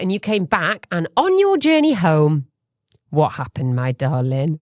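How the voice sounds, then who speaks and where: A woman co-hosting a casual chat podcast, telling animated stories and swearing casually. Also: mid-range voice, normal speed, no echo, studio quality. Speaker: podcast co-host.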